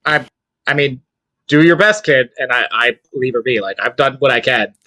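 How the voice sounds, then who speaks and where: A man's voice: medium pitch, normal speed, sharp tone, dry recording. A man playing a tabletop game, often stammering and restarting. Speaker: player. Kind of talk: casual tabletop play.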